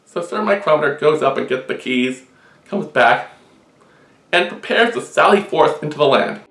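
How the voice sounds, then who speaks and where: A man telling a long shaggy-dog joke with deadpan storytelling. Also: on the high side, moderate pace. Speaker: joke teller. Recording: roomy echo.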